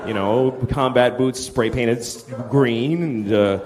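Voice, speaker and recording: A man's voice: mid-range voice, slow pace. A middle-aged male stand-up comedian ranting in a profane, exasperated way on stage before a live audience. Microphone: stage mic. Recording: live audience and room noise. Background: crowd laughter.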